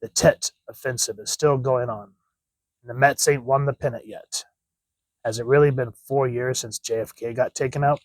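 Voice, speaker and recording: A man reading as a gruff brooding mutant's inner voice. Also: mid-range voice, fairly even intonation, moderate pace, no room sound, natural voice, rough recording.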